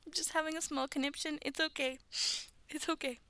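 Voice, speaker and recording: A woman's voice: sits high, fairly even intonation, fairly quick, bright, forceful tone. A young woman casually reading stories aloud to viewers, stumbling over the text and breaking off for chatty, self-mocking asides. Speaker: video creator reading stories.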